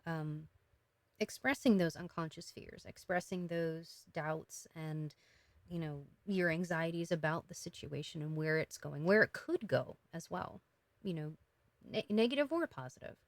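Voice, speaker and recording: A woman giving a casual, emotional tarot reading, talking gently with many fillers and restarts. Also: deep voice, measured pace, no echo. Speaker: tarot reader.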